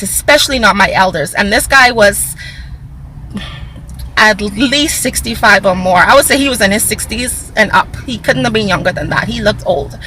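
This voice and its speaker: A woman telling a casual storytime vlog, animated, talking to her viewers and acting out what people said. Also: medium pitch, a little hiss or hum, poor audio. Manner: acts out quoted dialogue in raised voice. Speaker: vlogger.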